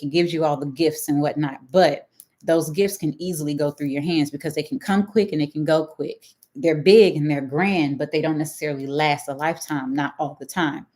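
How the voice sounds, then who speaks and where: Middle-aged Texan woman, deep for a woman, casual live-stream astrologer who keeps asking "right?". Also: a little mellow. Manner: chatty, checks in with "right?" and "okay?".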